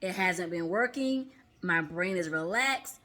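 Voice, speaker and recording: Animated and bright, with a forceful tone, a woman therapist and mindfulness coach guides viewers through a casual instructional vlog. She keeps checking in with a quick "okay?" and models deep breathing aloud.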